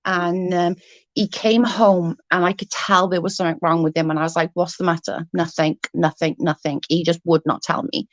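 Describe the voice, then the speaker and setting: A woman in her thirties vents into the camera with a fairly low voice, her swearing storytelling loose and fired up. The sound is dry and close, with no room behind her. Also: brisk, no echo. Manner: heated, swears freely, animated retelling. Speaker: vlogger. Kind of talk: casual storytelling vlog.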